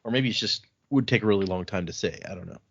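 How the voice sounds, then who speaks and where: A man hosting a casual book podcast, recapping chapters and slipping into quick voices for the characters. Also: on the low side, background noise. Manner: retells scenes with quick put-on voices for characters. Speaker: podcast host. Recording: dull lo-fi audio.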